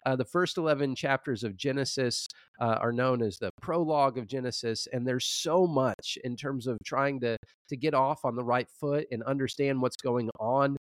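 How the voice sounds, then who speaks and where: A man co-hosting a scholarly debate show, presenting his position in a measured way with frequent restarts. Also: medium pitch, dry recording. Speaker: co-host, Old Testament scholar.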